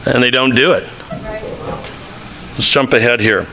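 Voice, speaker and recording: A man preaching a sermon as pastor, reading scripture aloud and acting out the quoted voices with lively emphasis. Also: medium pitch, unhurried, creaky.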